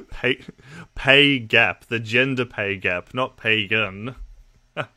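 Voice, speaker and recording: A man from Australia, speaking with an Australian accent, hosts a casual livestream and talks bluntly and profanely to his chat. His voice is on the low side, with a slow pace and a sharp tone.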